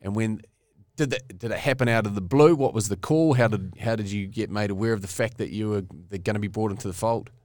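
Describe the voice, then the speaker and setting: A man's voice: on the low side, fast talker, hardly any pauses, darkish tone, dry recording, clean studio sound. A New man hosting, asking several probing questions in a row. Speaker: podcast host. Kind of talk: casual interview questions.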